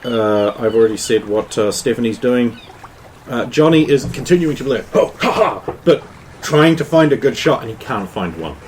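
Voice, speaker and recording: A man's voice: medium pitch, normal speed, darkish tone, a little hiss or hum, rough recording. A man running a tabletop game as game master, narrating loosely with many fillers.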